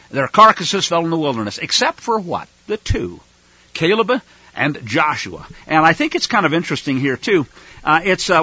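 Husky, lively-voiced male preacher. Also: a little high, dry recording, highs cut off. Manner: emphatic, repeats points, asks rhetorical questions. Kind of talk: sermon.

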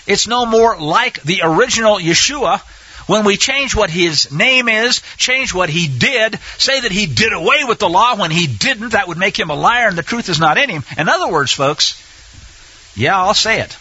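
A man's voice: sits high, sharp tone, breathy edge, no echo. A man teaching a sermon-style Bible lesson. He speaks emphatically, asks rhetorical questions and repeats phrases for effect. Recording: dull, dry lo-fi sound.

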